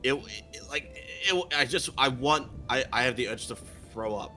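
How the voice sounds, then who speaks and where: A man with a low voice, speaking slowly and haltingly and stumbling over his restarts. He sounds a little distant, with faint music playing behind. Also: animated, sharp tone. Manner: slow, halting, with many restarts. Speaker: friend on the call.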